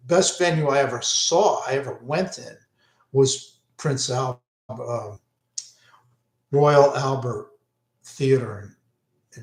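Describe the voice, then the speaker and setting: An older man, rambling through concert memories in a casual monologue, often breaking off mid-sentence. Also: mid-range voice. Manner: rambling, self-interrupting, enthusiastic. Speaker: vlogger recalling concerts. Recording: echoey room.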